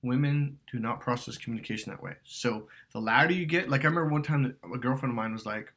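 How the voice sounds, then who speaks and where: A man's voice: mid-range voice, fast, a bit bright. A man coaching on dating, talking emphatically, swearing and acting out quotes. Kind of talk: animated coaching talk.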